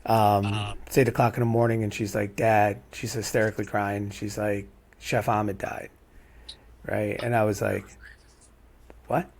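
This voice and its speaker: A man's voice: fairly low pitch, level tone, fairly quick, vocal fry, few pauses, a little mellow. Rambling man hosting a podcast. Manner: rambling, repeats "right?" often. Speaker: podcast host. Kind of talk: casual heartfelt conversation.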